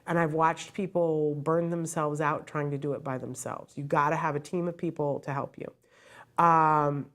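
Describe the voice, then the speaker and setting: A woman's voice: sits low, fairly even intonation, moderate pace, fairly bright tone. A middle-aged woman host giving earnest, heartfelt advice to parents in a direct, emphatic way.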